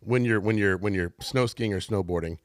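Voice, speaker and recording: A man co-hosting a podcast, playful and teasing, quick to laugh and fond of analogies. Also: fairly low pitch, no room sound, studio quality. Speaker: podcast co-host. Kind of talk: casual podcast conversation.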